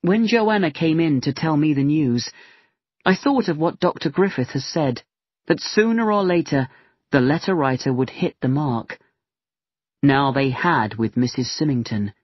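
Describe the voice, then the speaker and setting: A man narrating a story in a careful, expressive audiobook reading. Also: a little high, measured pace, slightly rough, dry recording. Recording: dry, dull-sounding voice recording.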